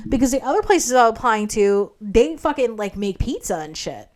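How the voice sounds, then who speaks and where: Young woman vlogger, profane, animated, lots of "like", pitch spikes when outraged. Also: moderate pace, few pauses. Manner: profanity-laden, heavy use of "like"; animated, indignant retelling with sudden jumps in pitch. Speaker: vlog host. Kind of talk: casual storytelling monologue.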